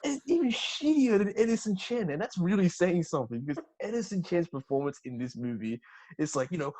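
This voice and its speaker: A male podcast guest with a lively, swooping pitch, talking excitedly about films. He is loose and profane and gets worked up easily. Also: brisk. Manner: animated, excitable, swears freely. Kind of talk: casual movie discussion.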